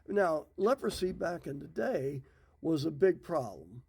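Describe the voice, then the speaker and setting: A man's voice: on the high side, expressive, measured pace, vocal fry, darkish tone, breathy edge. A middle-aged man who teaches the Bible, retelling scripture stories in a folksy, casual way. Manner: folksy, retells scripture in his own words.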